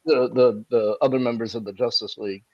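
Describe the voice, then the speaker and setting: A man co-hosting a podcast, recapping episodes in a relaxed casual chat with fillers. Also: mid-range voice, a little fast. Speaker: podcast co-host. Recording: dull, dry lo-fi mic.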